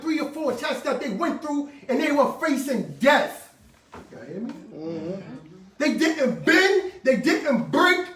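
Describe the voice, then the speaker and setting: High-voiced preacher in an echoey room. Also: male voice. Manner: call-and-response preaching with shouted bursts; casual slangy asides to the congregation. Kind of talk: sermon. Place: worship room with congregation. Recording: echoey room, mic far off, faint noise.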